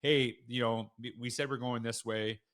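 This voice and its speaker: A man speaking as a guest on an interview podcast, with a bright and forceful tone. He tells his stories frankly and with animated emphasis. His pitch sits in a middle range for a man. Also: normal speed. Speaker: school leader guest. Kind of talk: conversational storytelling.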